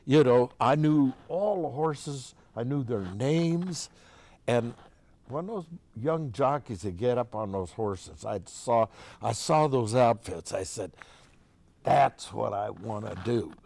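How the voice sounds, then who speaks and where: An older man spins a folksy yarn as an interview guest, chatty and full of restarts. His voice sits at an ordinary pitch and is recorded close and dry, with no room sound. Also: slow pace, darkish tone, dry recording. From Oregon, USA. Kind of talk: casual storytelling.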